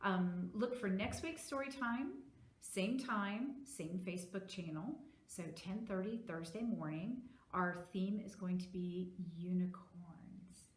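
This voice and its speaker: A woman librarian reading a story aloud to children, animated and asking them questions. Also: mid-range voice, slow pace. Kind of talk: virtual children's story time. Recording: echoey room.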